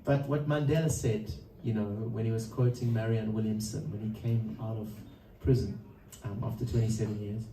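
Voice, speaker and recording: A man spins a loose, chuckling story between songs, his voice mellow and unhurried. He sounds set back from the mic, with the room ringing around him and a faint hum of ambience underneath. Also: fairly low pitch, steady tone. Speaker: musician introducing a song. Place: live performance room. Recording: roomy live sound from a distance.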